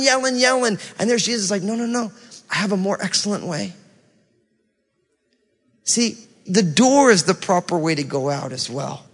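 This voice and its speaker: A man's voice: high voice, a bit bright. A male pastor giving a conversational sermon, acting out the inner voices people hear. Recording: long reverb of a large hall.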